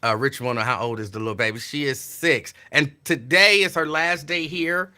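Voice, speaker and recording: A man hosting a casual live talk show from home, reacting with animated disbelief to viewers' comments. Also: medium pitch, normal speed. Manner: animated, incredulous, talks back to viewers' comments. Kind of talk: casual live-stream chat.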